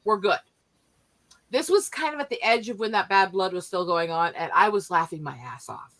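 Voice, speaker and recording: A woman telling family stories in a casual chat, animated and profane, often laughing as she talks. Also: mid-range voice, moderate pace, low-quality recording.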